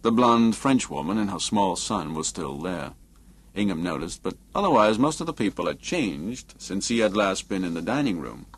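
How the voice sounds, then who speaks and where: A man narrating a novel as an audiobook in a measured, expressive reading. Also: deep voice, slightly rough.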